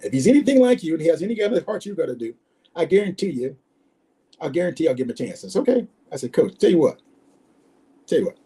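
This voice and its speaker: A man in his sixties, a former football player, telling animated stories in an interview and acting out the people he quotes. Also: on the high side, fast, pauses often, breathy edge, rough recording. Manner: animated storyteller, acts out quoted voices. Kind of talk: storytelling interview.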